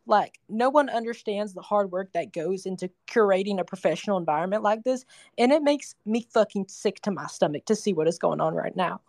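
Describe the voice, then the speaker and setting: A woman's voice: mid-range voice, expressive, a little fast, a little mellow, no echo. Indignant woman, dry close sound. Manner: indignant, swearing. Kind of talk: casual chat.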